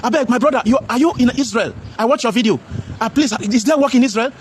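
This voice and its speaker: A man's voice: extremely high pitch, fast talker, slight background noise. A man mimicking a begging Nigerian graduate. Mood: pleading. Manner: begging, whiny. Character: pleading young male job-seeking graduate.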